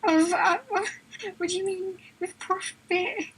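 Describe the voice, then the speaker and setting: A woman chiming in with comments while her friend reads aloud, hesitant and casual. Her voice is very high. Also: level tone, slow pace. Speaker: friend joining the reading. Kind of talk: casual chat.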